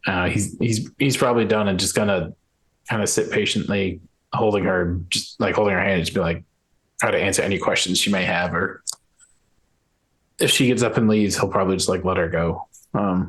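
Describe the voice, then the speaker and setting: A man at a tabletop game rambles through what his character does next, full of fillers and restarts. His voice sits a little low. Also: steady tone, moderate pace, a bit bright, poor audio. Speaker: player. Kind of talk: casual chat at the game table.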